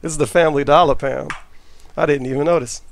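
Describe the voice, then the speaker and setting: A man's voice: on the high side, steady tone, quick pace, vocal fry. A man, chatting offhand and with profanity as he cooks in his home kitchen for a vlog. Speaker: cooking vlogger. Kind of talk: casual cooking vlog. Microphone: camera mic while cooking.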